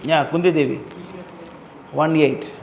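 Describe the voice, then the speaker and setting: A man giving a storytelling sermon, repeating phrases and slowly explaining words and verses. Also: a little high, fairly even intonation, vocal fry, darkish tone, a little hiss or hum. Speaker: speaker at a temple gathering.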